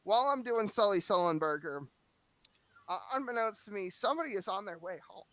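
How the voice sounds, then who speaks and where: Crude high-voiced man telling a story. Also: expressive, brisk, a crowd in the background. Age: 30s. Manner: crude, profane, rambling comic storytelling. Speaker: storyteller guest. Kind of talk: casual podcast anecdote.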